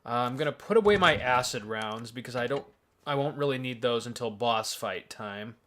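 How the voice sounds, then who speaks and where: A man playing a video game on a let's play show, excitable, swearing freely and muttering to himself about his inventory. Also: medium pitch, moderate pace. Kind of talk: casual gaming commentary.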